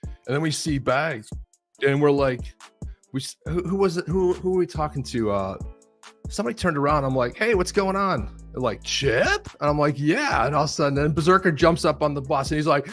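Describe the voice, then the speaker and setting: A man's voice: on the high side, a little fast, faint music behind. A man co-hosting a casual live-stream chat over a video call. He tells loose, profane stories and acts out other people's lines as he goes. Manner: profane, loose bar-talk banter. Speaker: stream co-host.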